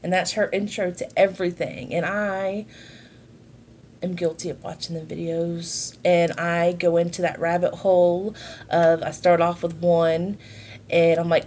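A woman's voice: fairly low pitch, flat delivery, unhurried, darkish tone, slight background noise. A woman, chatting casually and rambling with asides while she does her makeup for a vlog. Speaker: vlogger. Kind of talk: casual sit-down chat while doing makeup.

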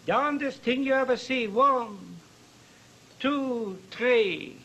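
A magician performing as an old New York conjurer with a heavy Yiddish accent, teasing the audience with singsong patter. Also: male voice, very high voice, takes it slowly, dull audio, very noisy, heavily acted. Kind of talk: archival stage magic performance.

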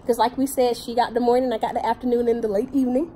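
A young woman with a hoarse, deep morning voice, chatting casually to her viewers in a vlog, recorded on a handheld phone. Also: little pitch movement, racing, warm tone, slight background noise. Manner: chatty, laughing often, addresses viewers as y'all. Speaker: vlogger.

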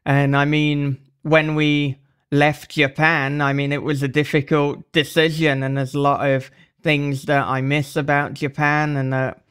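A man's voice: fairly high pitch, little pitch movement, measured pace, fairly bright tone, clean tone. A man hosting a podcast interview, talking in a thoughtful, casual way and laughing easily. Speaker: podcast host.

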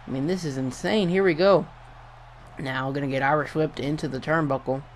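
A young man giving casual play-by-play commentary over a wrestling video game, getting excited and swearing at big moves. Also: on the high side, brisk, slight background noise. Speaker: gameplay commentator.

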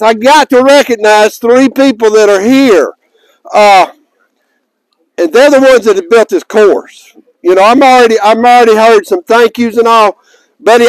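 High-voiced man addressing a crowd. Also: no echo, rough recording. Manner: folksy and joking, raises his voice to carry. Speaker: tournament director addressing players. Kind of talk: outdoor announcement to a crowd. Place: outdoors in a park.

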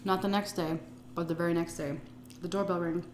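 A woman's voice: fairly low pitch, steady tone, fairly quick, roomy sound, a little hiss or hum. Blunt, profane middle-aged woman storyteller. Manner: blunt and profane, vivid retelling. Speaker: storytime vlogger. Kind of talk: casual storytelling. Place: indoors at home, eating on camera.

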